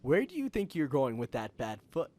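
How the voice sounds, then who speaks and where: A man's voice: medium pitch, wildly swooping pitch, moderate pace, a little mellow. A man voicing a bossy, caring woman who speaks sternly in a comic fan-fiction reading. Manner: stern, nagging.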